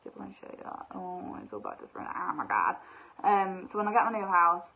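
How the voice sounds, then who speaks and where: A young woman, bubbly and excitable, chatting casually through a shopping haul with lots of fillers. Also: fairly low pitch, brisk, gravelly, slightly rough. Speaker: vlogger. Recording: tinny phone-like sound.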